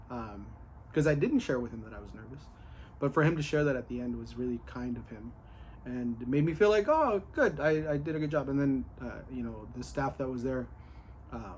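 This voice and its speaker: A man in a casual, excited recap of his day, candid, full of fillers and with the odd curse. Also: mid-range voice, fairly quick, slight background noise. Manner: candid and excited, with many fillers and a bit of cursing.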